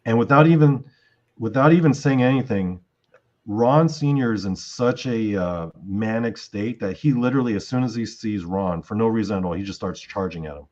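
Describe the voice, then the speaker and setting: A man's voice: on the low side, moderate pace, a little mellow, lo-fi sound. A man hosting a podcast, retelling events in a rambling, casual way with lots of fillers. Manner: rambling retelling with many fillers and acted quotes. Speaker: podcast host. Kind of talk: casual storytelling chat.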